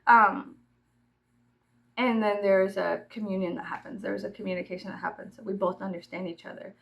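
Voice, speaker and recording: A woman's voice: medium pitch, steady tone, normal speed, gravelly, rough recording. A woman from Texas with a Texan accent, rambling casually and profanely, often laughing and dropping to a murmur. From Texas, USA. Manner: giggly, profane, freewheeling, drops to murmurs. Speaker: vlogger.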